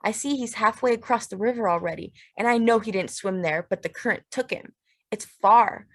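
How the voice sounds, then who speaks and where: Woman reading a novel aloud, steady. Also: on the high side, normal speed. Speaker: audiobook narrator. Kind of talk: literary audiobook narration.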